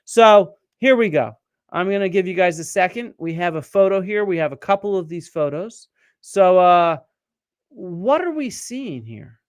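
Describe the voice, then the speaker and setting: A man's voice: high voice, lively intonation, measured pace, clear, resonant tone, no room sound, clean studio sound. A middle-aged man hosting a live-stream science show, explaining and quizzing viewers from their comments, with many fillers and restarts. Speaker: archaeologist and show host.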